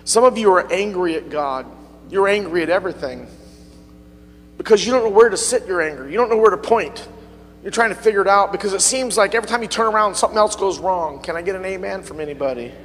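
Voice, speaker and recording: High-voiced pastor preaching in a reverberant church. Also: male voice, animated, fast, fairly bright tone, slight background noise. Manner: call-and-response preaching, rising to fervent peaks. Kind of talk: sermon. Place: church sanctuary.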